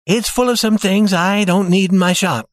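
A calm young safecracker, a bit raised in pitch, quietly in command, as a male storyteller puts him on. The sound is dry and close to the mic. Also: normal speed, dry recording, close to an everyday voice. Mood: easy.

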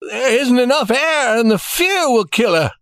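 A man's voice: extremely high pitch, animated, a little slow, fairly bright tone, no echo, studio quality, voice pushed up, full character voice. A man voicing an old male banker who speaks in a shaking, pleading voice, as part of a story reading. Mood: desperate.

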